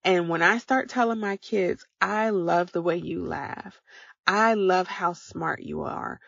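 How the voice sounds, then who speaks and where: A woman with a gravelly, fry-tinged voice talks her podcast listeners through simple steps in an encouraging, coaching way. The sound is dry and close, with a slightly dull, lo-fi tone. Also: lowish voice, takes it slowly, fairly bright tone, dry recording. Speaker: podcast host. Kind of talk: motivational podcast talk.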